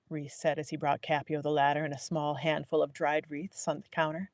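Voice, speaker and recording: Lady doing a live audiobook read, steady pace, redoes lines, dry close mic. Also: deep voice, no room sound. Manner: measured, restarts lines to correct herself. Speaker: audiobook narrator.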